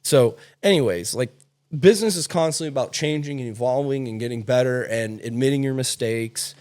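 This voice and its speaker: A man's voice: medium pitch, fairly quick. A man hosting a podcast, telling stories in a blunt, casual way and swearing freely. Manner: animated, blunt storytelling with swearing. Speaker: podcast host. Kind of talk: casual chat.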